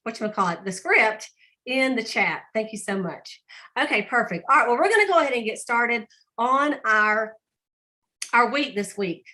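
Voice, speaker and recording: Bright, upbeat woman. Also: on the high side. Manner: upbeat, chatty, encouraging. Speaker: sales director leading a team meeting. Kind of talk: online team training talk.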